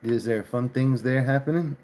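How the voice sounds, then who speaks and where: A man's voice: mid-range voice, a little slow, a little mellow. A man chatting casually on a livestream, laughing often and cursing mildly. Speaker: livestream host. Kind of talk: casual live chat.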